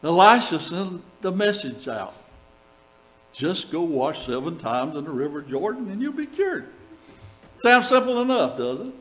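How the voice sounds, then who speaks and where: A man's voice: fairly high pitch, a bit bright, low-quality recording. An older man, a pastor preaching a sermon, reading scripture and telling stories with asides to the congregation. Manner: storytelling, reads scripture aloud with asides to the congregation.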